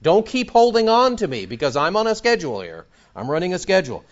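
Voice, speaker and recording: A man voicing Jesus as a calm adult man in a playful, casual modern paraphrase. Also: high voice, fast talker, highs cut off, pitched above the performer's own voice. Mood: brisk.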